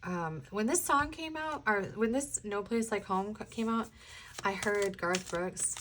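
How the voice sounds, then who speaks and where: A woman's voice: mid-range voice, a little slow, fairly bright tone, a little hiss or hum. A woman from the US Midwest, a tarot reader chatting casually through a pick-a-card reading, rambling and laughing often.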